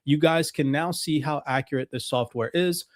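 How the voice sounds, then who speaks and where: A man's voice: fairly high pitch, dry recording, clean studio sound. Confident male crypto chart analyst. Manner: confident, brisk, technical.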